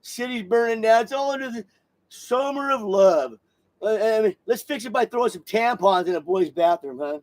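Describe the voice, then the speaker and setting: Podcast host, middle-aged man, high voice, heated live rant with stumbling repeats. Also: expressive, moderate pace. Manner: heated and repetitive, with stumbling restarts.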